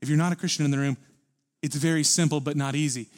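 Male pastor, church sermon, slightly high voice, earnest, forceful emphasis. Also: steady tone, fast talker. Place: church service.

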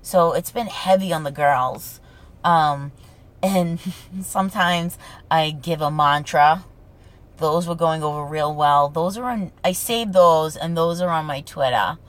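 A woman with a heavy Boston accent and a gravelly, thick-mouthed sound talks on her solo podcast. She tells stories in a brash, swearing, casual way. Her voice sits a bit low for a woman. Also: unhurried. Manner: brash, profane storyteller. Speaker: podcast host.

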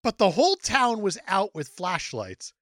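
Sarcastic, animated woman podcaster. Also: medium pitch, unhurried, no echo, clean studio sound. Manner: sarcastic, animated, mock voices. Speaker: podcast co-host. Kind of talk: casual movie review chat.

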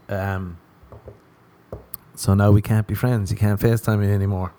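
Low, mellow-voiced man riffing crudely. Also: little pitch movement, measured pace, pauses often. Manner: rambling, self-mocking, laughs often. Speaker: podcast host. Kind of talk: crude comic monologue.

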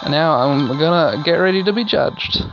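Gravelly man narrating his gameplay. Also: on the high side, normal speed. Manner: rambling, excitable, swears casually. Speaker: let's play host. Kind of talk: casual game commentary. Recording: dull lo-fi recording with game music.

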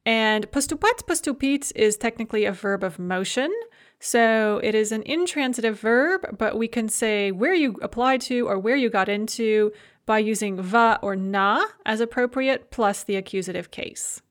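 A woman teaching a language grammar lesson, explaining verb forms in a clear, methodical way and slowing down to spell out each form. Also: a little high. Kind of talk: recorded grammar lecture.

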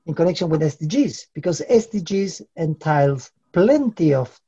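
A man answering interview questions in a measured, formal, lecturing way, sometimes posing rhetorical questions. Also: fairly high pitch, lively intonation, warm tone, husky. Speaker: human rights expert interviewee. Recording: dull lo-fi recording.

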